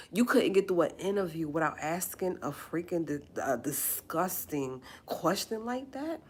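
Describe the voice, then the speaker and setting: A woman with a low voice speaks in on her live stream. She rants with emphasis and goes back over the same phrases again and again. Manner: indignant, emphatic, repeats phrases. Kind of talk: impassioned live-stream rant.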